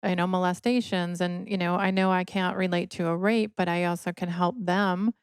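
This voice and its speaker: Earnest middle-aged woman, smooth voice. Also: fairly low pitch, flat delivery, moderate pace, no room sound, clean studio sound. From Michigan. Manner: earnest, emotional, quotes others in dialogue. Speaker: podcast guest, inventor. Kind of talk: personal storytelling in an interview.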